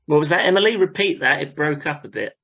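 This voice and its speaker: A man's voice: on the high side, animated, fast talker, fairly bright tone, dull audio. A man hosting a podcast in casual chat, upbeat and prompting the others to speak. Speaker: podcast host.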